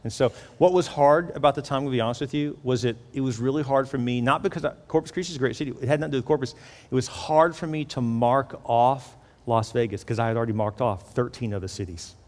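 Fast-talking pastor with a hall echo. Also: male voice, medium pitch. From Houston, Texas. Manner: animated, acts out quoted dialogue. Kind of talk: storytelling sermon. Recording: long reverb of a large hall.

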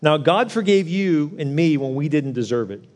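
A man delivering a sermon in a slightly higher-pitched voice. He tells his story earnestly and presses his points home with emphasis. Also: lively intonation, moderate pace, darkish tone. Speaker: pastor.

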